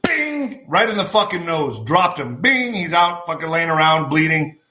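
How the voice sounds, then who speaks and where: A man's voice: a little high, very animated, moderate pace, pushed and bright. A man ranting bluntly and profanely as a commentary vlogger, talking straight to his viewers. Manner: blunt, swearing, emphatic, addresses viewers as folks. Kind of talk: profane political commentary rant.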